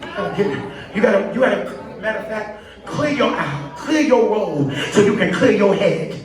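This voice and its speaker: Male preacher, high pitch, call-and-response sermon, very echoey, distant mic. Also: animated, normal speed, crowd noise. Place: large church sanctuary. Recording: echoey church, far from mic, congregation.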